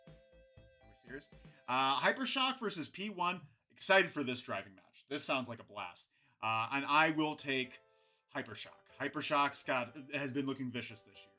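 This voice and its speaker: Male host, casual stream commentary, lively swings, bright tone, faint music under. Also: mid-range voice. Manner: rambling, animated, chatty with frequent restarts. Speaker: host of a robot combat recap show.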